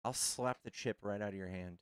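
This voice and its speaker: A man's voice: lowish voice, a little fast, smooth, no echo. Crude joking male streamer. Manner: crude, joking, addresses chat. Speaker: streamer host. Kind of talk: live-stream chat.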